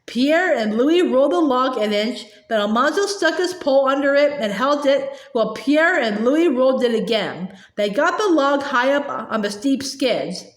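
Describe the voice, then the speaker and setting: A woman reading a children's novel aloud in a gentle storytelling manner, with small slips and restarts. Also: sits high. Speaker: audiobook reader. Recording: echoey room.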